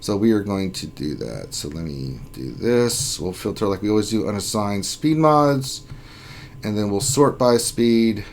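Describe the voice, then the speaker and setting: A man's voice: on the low side, animated, a little slow, slight background noise. Upbeat jokey man hosting a livestream. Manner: upbeat, jokey, reads chat names aloud. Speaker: gaming livestream host. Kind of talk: casual live-stream chat.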